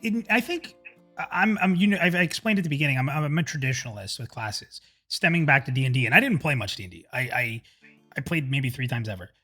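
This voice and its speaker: A man's voice: mid-range voice, lively intonation, fast, bright, forceful tone, soft background music. Upbeat chatty male stream host. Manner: upbeat, chatty, frequent restarts. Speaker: livestream host. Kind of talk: casual chat.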